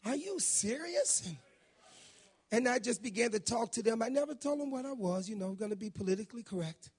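A man with a raspy voice preaching a folksy, emphatic sermon in a church, reading scripture and praying aloud. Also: high-pitched, fast talker. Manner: folksy, emphatic, builds to shouting in prayer. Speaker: guest preacher.

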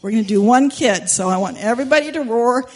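A woman leads a Sunday school lesson, telling a story to children in an animated, playful way. She keeps stopping to ask the kids questions. Her voice sits a little high. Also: fast, husky. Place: church classroom with children.

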